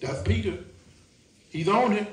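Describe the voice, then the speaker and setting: A male preacher with a high voice delivers a sermon, repeating himself and asking for agreement. He is caught from a distance in an echoing church. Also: measured pace, a bit bright. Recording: echoey church from far off.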